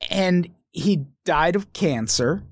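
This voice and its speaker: A man's voice: sits high, expressive, slow pace, dry recording, clean studio sound. A man co-hosting a podcast in casual chat, swearing often, sardonic and riffing. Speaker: podcast co-host.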